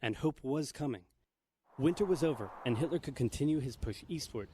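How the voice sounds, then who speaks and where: Fast-talking male history narrator. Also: mid-range voice, animated, mellow, slight background noise. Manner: wry, jokey asides in a brisk narrative. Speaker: documentary narrator. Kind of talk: scripted comedic history narration. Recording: played video with music behind. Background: music.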